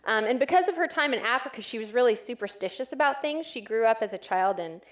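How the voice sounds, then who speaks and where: A woman's voice: a little high, expressive, quick pace. Woman, 30s, from West Texas, church speaker; chatty and self-deprecating, leans on ums. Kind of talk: conversational talk to an audience.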